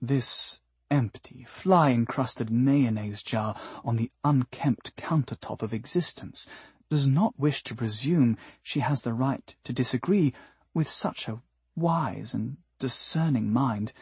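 A man's voice: medium pitch, slow pace, darkish tone, slightly rough, no room sound, heavily acted. A man voicing a chipper alien translator device that adds mocking, insulting asides, in an audiobook. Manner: chirpy helper, mocking asides. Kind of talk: audiobook character voice.

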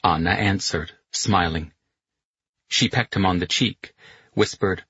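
Male audiobook narrator, steady and measured, deep and husky. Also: highs cut off.

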